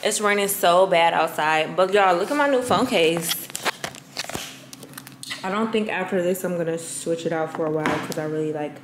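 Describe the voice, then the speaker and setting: Talking at normal speed in a fairly low voice over background noise, this young Midwestern vlogger from Wisconsin, in her twenties, rants into her phone camera in exasperation, cursing without restraint.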